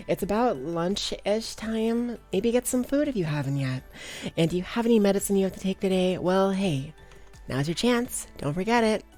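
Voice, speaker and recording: A young woman with a slight Valley Girl lilt chats with her live viewers in a bubbly, giggly way, greeting each of them by name. She speaks into a desk microphone. Soft music plays faintly in the background. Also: medium pitch. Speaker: streamer. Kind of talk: casual chat with live viewers.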